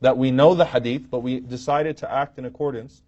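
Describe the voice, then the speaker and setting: A man delivers a religious lecture from a podium, mid-pitched and easy to follow. He tells stories with humor and acts out the quoted voices. The recording sounds dull and muffled. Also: brisk. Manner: lively storytelling, acting out quoted lines with humor. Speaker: Islamic teacher lecturing. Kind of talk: religious lecture to a live audience.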